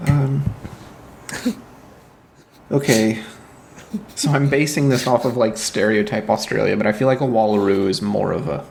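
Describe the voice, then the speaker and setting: A man's voice: on the low side, fairly even intonation, normal speed, gravelly, pauses often, a little mellow, a little hiss or hum. A young man co-hosting a casual podcast, answering trivia with hesitant, wry remarks and stammers. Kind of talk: casual chat.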